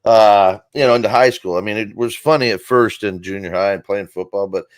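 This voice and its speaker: A man's voice: fairly low pitch, brisk, dry recording. A man telling a rambling, profane comic story on a casual talk show. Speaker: guest comedian.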